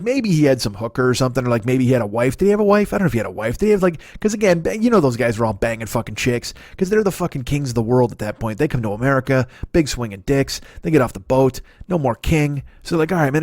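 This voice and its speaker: A man's voice: medium pitch, quick pace, few pauses, dry recording, clean studio sound. A man in his fifties doing a rambling, profane comedic monologue as a podcast host. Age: 50s. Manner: profane, ranting, animated.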